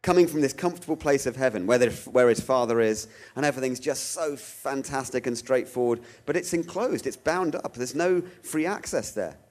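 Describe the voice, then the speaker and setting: A man speaks at an ordinary middle pitch, giving a theological talk. He tells stories with lively rises and acts out the voices of the people he quotes. His delivery is animated and expressive. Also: brisk, hardly any pauses. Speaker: guest speaker.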